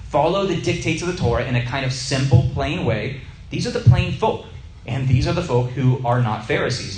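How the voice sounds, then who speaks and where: A man teaching to a small group in a sermon style, telling a personal story and slowing down to stress key words. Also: a little high, a little mellow, reverberant, a little hiss or hum, rough recording. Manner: conversational, stretches key words slowly for emphasis.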